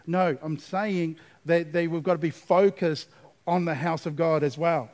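A man's voice: fairly high pitch, steady tone, normal speed, darkish tone. A man preaching a sermon as pastor, asking the congregation for responses and building to emphatic, repeated refrains.

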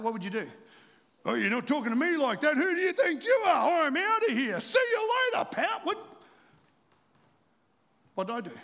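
Man, pastor, sermon, high-pitched, long hall reverb. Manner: animated storytelling, drops to quiet confessional tones.

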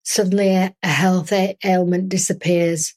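A woman hosting a spiritual podcast and speaking as an energy healer in a soothing, earnest monologue with gentle repetition. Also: on the low side, steady tone, moderate pace.

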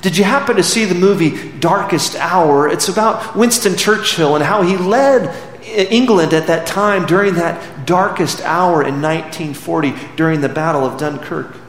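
A man's voice: on the high side, moderate pace. A man preaching a sermon, earnestly retelling a film scene as a story. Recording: echoey hall with faint background noise.

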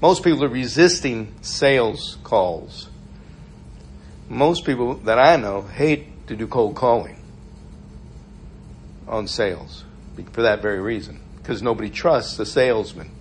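A man's voice: mid-range voice, animated, measured pace, pauses often, slight background noise. Chatty male preacher telling stories. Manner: conversational, storytelling, laughs often. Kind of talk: informal sermon.

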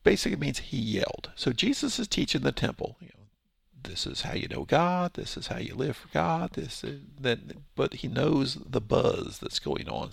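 A man's voice: mid-range voice, very animated, normal speed, gravelly, breathy edge, dry recording. A man giving a casual verse-by-verse Bible teaching, explaining with rhetorical questions and his own paraphrases.

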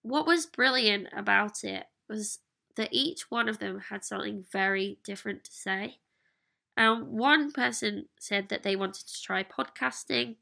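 A woman's voice: medium pitch, gravelly, pushed and bright. A woman, talking candidly and earnestly in a solo podcast reflection. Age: 30s. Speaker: podcast host.

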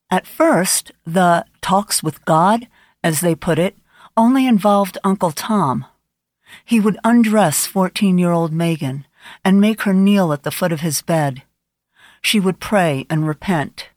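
Low-voiced woman narrating an audiobook. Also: a little slow, a little mellow, dry recording, clean studio sound. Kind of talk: scripted narration.

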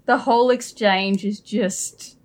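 A woman co-hosting a casual book discussion, summarizing and reading passages aloud. She is animated and amused, with a mid-range voice. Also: mid-range voice, slow pace. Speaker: podcast co-host.

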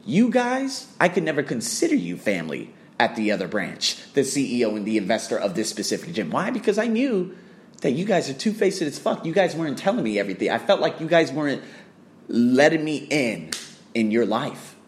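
A man's voice: medium pitch, sing-song, fairly quick. A man ranting bluntly to camera about business, swearing often and firing off rhetorical questions. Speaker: fitness trainer.

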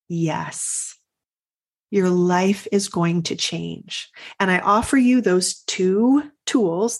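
A middle-aged woman hosts a podcast and speaks in a reflective, confessional tone, drawing out key words. Her voice is gravelly with a husky, breathy edge, sitting at an ordinary pitch for a woman. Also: darkish tone. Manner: earnest, confessional, slows for emphasis. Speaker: podcast host and coach. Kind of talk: reflective personal talk.

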